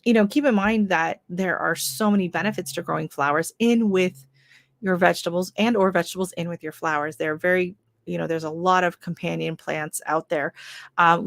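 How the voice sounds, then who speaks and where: A Canadian woman hosts a casual gardening livestream for her channel, rambling and chatty with lots of fillers. Her voice sits on the low side and is creaky, with no echo.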